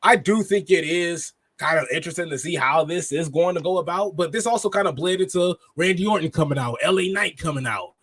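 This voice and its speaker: A man co-hosting a wrestling reaction podcast, chatting casually in an animated way that breaks into laughs and restarts. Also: a little high, dry recording, studio quality. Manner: animated, quick laughs and self-interruptions. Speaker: podcast co-host.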